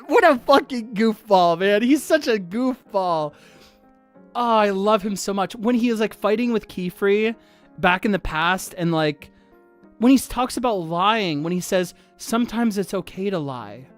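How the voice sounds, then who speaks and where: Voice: medium pitch, measured pace, faint music behind. Gushing, swearing livestream streamer. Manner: gushing, excitable, swears freely. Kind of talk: casual livestream chat.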